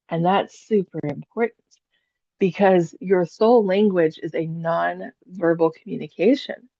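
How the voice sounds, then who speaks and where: A woman's voice: fairly low pitch, unhurried, warm tone, no echo. Psychic lady teaching a class, chatty storyteller, laughs a lot, kinda dull lo-fi sound.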